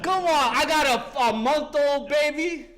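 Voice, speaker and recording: A man's voice: extremely high pitch, measured pace, a bit bright. A man in his fifties giving a fervent, profane share at a recovery meeting, talking street-style and breaking in with "listen" again and again. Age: 50s.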